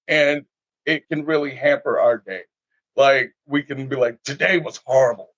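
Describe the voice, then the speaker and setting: A man talks through a casual podcast conversation as an animated storyteller, acting out everyday moments as he goes. His voice sits at an ordinary middle pitch. The sound is dry and a bit dull and lo-fi. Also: measured pace, dry recording.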